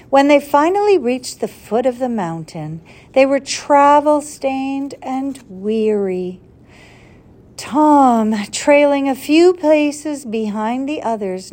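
A woman reads a children's adventure story aloud with a deliberate, expressive delivery. She takes it slowly and lets her fairly high voice rise and fall widely. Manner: expressive, deliberate read-aloud with a slip corrected.

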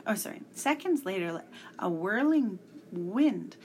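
A woman reads a children's story aloud at a slow, deliberate pace, her voice carrying a gravelly edge. She makes small slips now and then, and a faint hiss runs underneath. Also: medium pitch, sing-song, fairly bright tone.

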